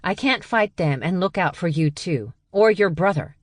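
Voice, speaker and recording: A woman voicing a blunt, deadly calm heroine. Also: lowish voice, normal speed, no room sound, studio quality, voice pushed up. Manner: blunt, matter-of-fact threats. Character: tough young woman, wry and deadly calm.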